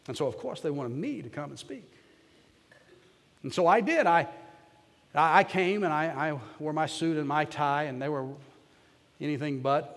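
A man's voice: a little high, long reverb tail. A man preaching as a pastor, telling a story in a folksy, self-deprecating way. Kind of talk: storytelling sermon.

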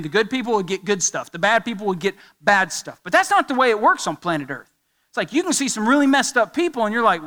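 A middle-aged man preaching a sermon as pastor, animated, with emphatic rising questions and sudden quiet drops. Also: sits high.

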